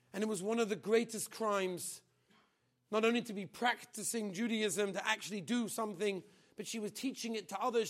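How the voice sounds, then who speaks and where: A man telling a dramatic story as a sermon, acting out the voices and swinging between loud outbursts and hushed, heavy passages. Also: high-pitched. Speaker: teacher on a school trip. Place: outdoors at a memorial site.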